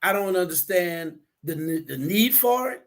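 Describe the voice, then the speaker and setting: A man in casual talk, animated, acting out the people he quotes as he tells stories. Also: high-pitched, normal speed. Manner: animated storyteller, acts out quotes.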